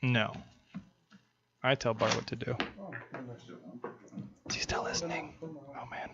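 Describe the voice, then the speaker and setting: A man's voice: medium pitch, slow pace, vocal fry. A man doing casual, joking play-by-play on a live poker stream. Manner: joking, chatty banter. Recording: dull lo-fi stream audio, faint noise.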